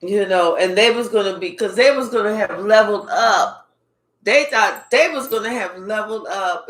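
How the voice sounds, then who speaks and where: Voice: medium pitch, moderate pace, fairly bright tone. A spiritual reader giving a casual reading in a blunt, profane, repetitive way. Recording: echoey room.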